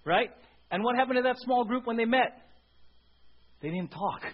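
Male pastor, high and husky, conversational sermon with lots of "right?", dull lo-fi recording. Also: moderate pace. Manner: conversational, frequent "right?" asides to the congregation.

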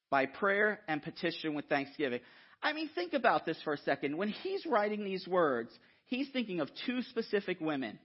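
Animated conversational male preacher, lo-fi. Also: sits high, moderate pace, slightly rough. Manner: animated, conversational, frequent "right?" asides. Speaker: guest preacher. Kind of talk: sermon. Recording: dull lo-fi sound.

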